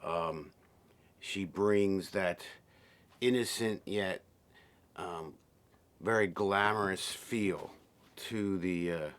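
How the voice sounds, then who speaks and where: Low-voiced man recalling a film shoot. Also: extremely slow, long pauses, clear, resonant tone. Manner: relaxed, rambling with fillers and restarts. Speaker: film director. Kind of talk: behind-the-scenes interview.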